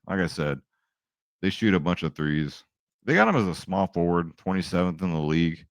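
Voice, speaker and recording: A young man talks through his betting picks in a chatty, upbeat way, often tossing in a quick check-in with his viewers. His voice sits a little low. The sound is dry and close, with no room around it. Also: no echo. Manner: chatty, upbeat, says "right?" and "guys" a lot. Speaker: sports betting picks host. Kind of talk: casual picks video talk.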